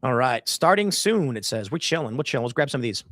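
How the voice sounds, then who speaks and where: A man's voice: mid-range voice, big pitch swings, quick pace, a bit bright, no echo. A man in his thirties hosting a livestream, rambling casually and reading chat aloud with joking mock voices. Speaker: livestream host.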